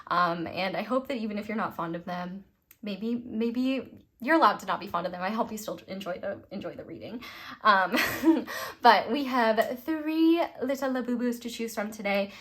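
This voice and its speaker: A woman's voice: medium pitch, normal speed, fairly bright tone. Chatty young woman doing a tarot reading, giggly, rambles, pokes fun at herself. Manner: giggly, rambling, self-deprecating. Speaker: tarot reader.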